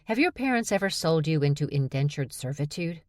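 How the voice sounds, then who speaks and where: A woman reading an audiobook, voicing a blunt, sharp-tongued young woman who sounds exasperated and matter-of-fact. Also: low-pitched, animated, brisk, no room sound, studio quality.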